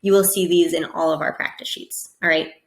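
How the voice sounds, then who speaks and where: A woman with an American accent teaching pronunciation, demonstrating sounds slowly and checking in with listeners. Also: fairly low pitch, little pitch movement, echoey room. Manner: patient, repeats sounds slowly and checks in with "okay?". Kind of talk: instructional lesson.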